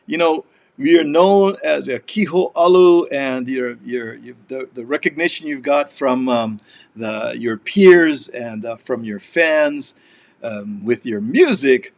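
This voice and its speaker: A man's voice: mid-range voice, slow pace. A man hosting a casual interview, teasing his guest and laughing often. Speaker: host.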